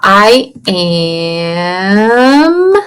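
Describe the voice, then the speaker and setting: A woman teaching young children a writing lesson from her computer, slowly and patiently sounding out letters and words. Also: mid-range voice, sing-song, clean tone. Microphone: computer mic.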